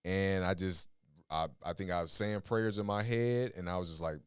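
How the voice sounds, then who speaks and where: A man's voice: low voice, normal speed, clean tone, no echo, clean studio sound. A younger man, a podcast guest, earnestly recounting a personal experience in casual conversation. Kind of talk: casual storytelling chat.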